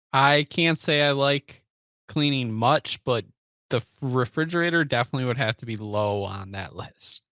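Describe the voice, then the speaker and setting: Smooth-voiced man chiming in dryly. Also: mid-range voice, normal speed, sharp tone, dry recording, clean studio sound. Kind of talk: casual remark.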